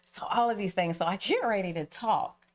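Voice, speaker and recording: A young woman from Eastern North Carolina with a Southern accent, a podcast guest telling stories in a lively way and laughing often. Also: mid-range voice, moderate pace. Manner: animated storyteller, laughs often. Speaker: guest, marketing business owner. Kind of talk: casual podcast chat.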